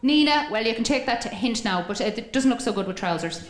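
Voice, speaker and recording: A woman's voice: on the high side, expressive, brisk, slight background noise. A woman bantering cheekily with a live theatre audience, laughing through bawdy lines. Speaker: comedy singer-host on stage. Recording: echoey live hall with crowd.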